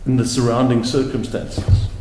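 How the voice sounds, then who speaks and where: A male advocate giving a deliberate, emphatic courtroom argument, repeating words for stress. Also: mid-range voice, flat delivery, warm tone, slight background noise. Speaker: advocate arguing an appeal. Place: large courtroom. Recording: very echoey courtroom with long reverb.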